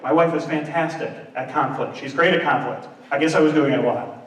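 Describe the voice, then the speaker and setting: A man doing a stand-up comedy set, chatty and animated, who keeps asking the audience questions. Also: on the high side, fairly quick. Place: large room on stage before an audience. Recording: roomy hall, distant mic, audience.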